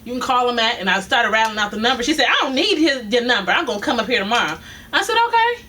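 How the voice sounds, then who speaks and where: Bright, animated woman telling a story. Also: on the high side, fast. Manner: animated, quoting both sides, laughing often. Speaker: vlogger telling a work story. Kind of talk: casual storytelling. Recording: distant mic with faint noise.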